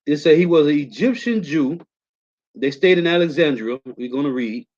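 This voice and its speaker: A man's voice: on the high side, animated, normal speed, darkish tone. Informal preachy man on a lo-fi recording. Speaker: religious teacher. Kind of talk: scripture lesson with film commentary.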